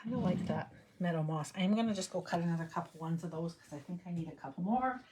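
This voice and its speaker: A middle-aged woman runs a crafting tutorial in a lowish, darkish, fast voice, with a little hiss or hum in the background. She chats and rambles casually, talking to herself as she works.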